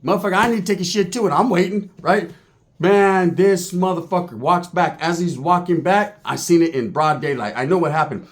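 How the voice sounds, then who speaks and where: A man spinning a long, profane yarn, lively and crude, sliding into voices for the people in his tale. His voice sits a little higher than most men's. He is from California. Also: fairly quick. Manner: animated, crude, acts out other people's voices. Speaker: former prisoner telling a story. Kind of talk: profane storytelling monologue.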